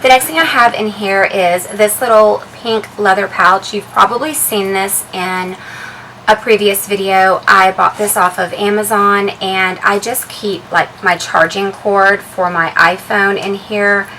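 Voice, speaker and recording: A woman vlogger chatting casually as she shows the contents of her handbag, relaxed and full of ums and uhs. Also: mid-range voice, unhurried, a little hiss or hum, poor audio. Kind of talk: casual show-and-tell vlog.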